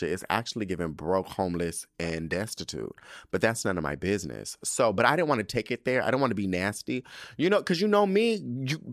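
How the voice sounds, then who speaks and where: With a lowish, fairly bright voice, a young man hosts a podcast and delivers a casual storytelling monologue. He's sassy and dramatic, using slang and swearing a lot. The studio-quality recording has no room sound.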